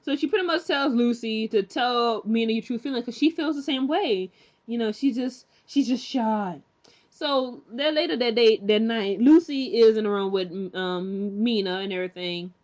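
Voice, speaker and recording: A woman's voice: fairly high pitch, normal speed, a little mellow, muffled recording. A woman giving a casual, rambling recap of a TV episode, full of fillers and restarts, now and then acting out the characters' lines. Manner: chatty and candid, acts out characters' lines. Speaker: TV show recap reviewer.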